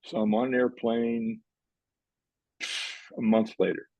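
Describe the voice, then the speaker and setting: A man's voice: mid-range voice, flat delivery, slow pace, no room sound, dull audio. An older man, a professor guest on a podcast, telling a long story and acting out the dialogue in it.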